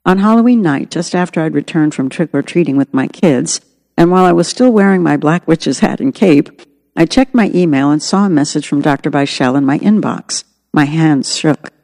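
A woman's voice: deep voice, lively intonation, normal speed, darkish tone, big-room sound. A woman narrating her own memoir as an audiobook, in an earnest, reflective way.

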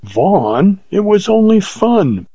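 A man's voice: sits high, sing-song, slow, dark tone, husky, dry recording, muffled recording, voice pushed up, exaggerated voice. A man reading aloud, voicing a spirited, proud young woman who is impulsive and teasing. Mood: lively.

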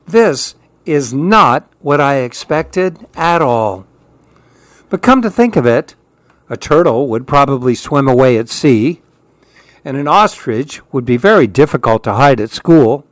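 A man reading children's storybooks aloud with an expressive, lilting delivery. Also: mid-range voice, no room sound.

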